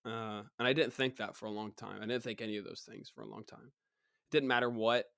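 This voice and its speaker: A man's voice: on the low side, fairly quick, creaky, smooth, no room sound, studio quality. Rambling guy with a worn voice. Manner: rambling and animated, mocking others in put-on voices. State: recovering, voice partly gone. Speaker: podcast host. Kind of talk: casual solo podcast monologue.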